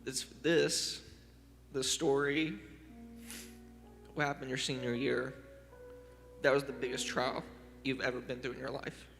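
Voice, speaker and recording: A man gently putting halting questions to a guest on stage at a youth service. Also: medium pitch, little pitch movement, vocal fry, long reverb tail, faint music behind. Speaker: youth leader interviewing a guest. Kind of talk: on-stage interview.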